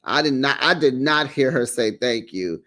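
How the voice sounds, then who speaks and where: A man hosting a casual recap of a reality show, sassy and animated, with lots of "honey" and "child". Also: medium pitch, normal speed. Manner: acts out the quotes in put-on voices.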